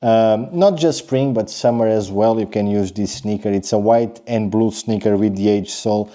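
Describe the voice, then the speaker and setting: Chatty man with a very dark voice. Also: fairly low pitch, moderate pace. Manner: chatty, direct address with frequent "okay?" and restarts. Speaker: sneaker reviewer. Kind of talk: casual sneaker review.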